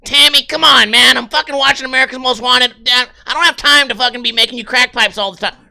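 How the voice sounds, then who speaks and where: A man's voice: extremely high pitch, fast talker, vocal fry, bright, forceful tone, voice pushed up, exaggerated voice. A man voicing an irritated, lazy boyfriend who brushes off demands in an exasperated way. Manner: exasperated, dismissive.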